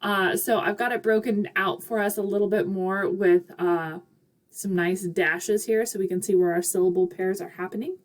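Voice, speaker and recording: A woman's voice: mid-range voice, steady tone, normal speed. A woman teaching a recorded literature lecture in a chatty, upbeat way, with casual asides and frequent fillers. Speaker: literature instructor.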